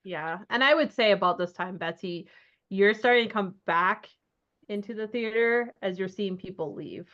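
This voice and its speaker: A woman's voice: medium pitch, normal speed, fairly bright tone. A woman narrating a tabletop horror game as game master, loose and chatty, with many ums and likes. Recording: dull lo-fi sound.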